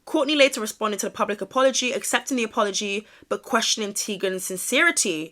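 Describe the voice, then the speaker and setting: A woman's voice: medium pitch, quick pace, hardly any pauses, fairly bright tone. A woman giving gossip commentary as a vlogger, sassy and exasperated, reading posts aloud and reacting dramatically.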